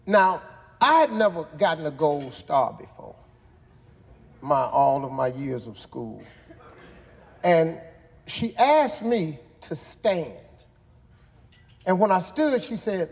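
A man's voice: fairly high pitch, big pitch swings, slow pace, vocal fry, long pauses, breathy edge, big-room sound. A man in his sixties hosting a show, telling a childhood story in a folksy, drawling way that builds to punchlines. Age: 60s. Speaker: host. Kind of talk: motivational storytelling.

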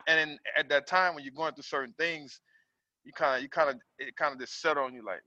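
A man calling into a group coaching session, telling his story in an earnest, halting way with frequent pauses and restarts. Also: fairly high pitch, sharp tone, dry recording. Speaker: caller on the call. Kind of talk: casual share on a call. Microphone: video call. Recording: dull lo-fi call audio.

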